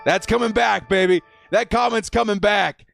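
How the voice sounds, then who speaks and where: A man hosting a live-stream watch party, over-excited, shouting and repeating himself, breathless and shaking with excitement. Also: high-pitched, normal speed, vocal fry, soft background music.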